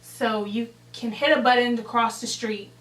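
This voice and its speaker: A young woman vlogger telling a story in a casual, animated way, swearing freely and acting out the scene. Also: a little high, normal speed, reverberant, far from the mic, rough recording. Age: young adult.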